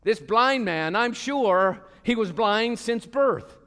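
A man preaching a passionate sermon as pastor of a church, swinging between loud calls and quiet asides. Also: sits high, animated, slow. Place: church sanctuary. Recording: long hall reverb.

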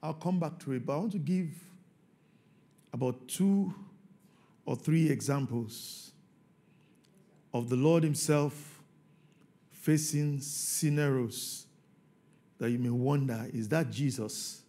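A man preaching a sermon as pastor, swinging from quiet scripture reading to loud shouting. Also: on the high side, slow pace, pauses often.

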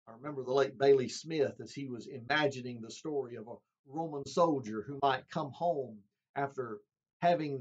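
A man's voice: mid-range voice, breathy edge. A male preacher delivering a sermon in an earnest, emphatic way, addressing his listeners as friends. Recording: dull lo-fi sound.

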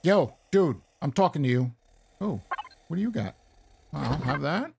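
Male let's-player, casual self-deprecating commentary; slightly high, animated voice. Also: a little slow, gravelly, slight background noise. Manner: chatty, self-deprecating, talks to himself. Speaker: gameplay commentator.

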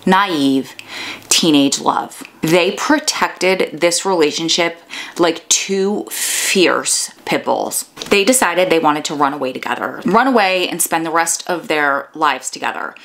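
A woman's voice: deep voice, expressive, slow, a bit bright. A woman from New York with a New York accent, telling a true crime case in a casual, chatty way, breaking off for asides and jokes to her viewers. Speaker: true crime podcast host.

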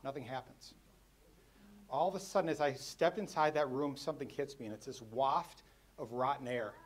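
A middle-aged man giving a personal storytelling speech at a luncheon, dropping quiet for the sad parts. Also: medium pitch, normal speed. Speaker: keynote speaker at a luncheon. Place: banquet hall.

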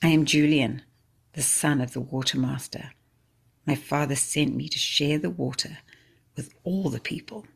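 A calm young man speaks with quiet patience in a low, husky voice, as a woman reading a story gives him voice. He never hurries. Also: normal speed, exaggerated voice. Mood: patient.

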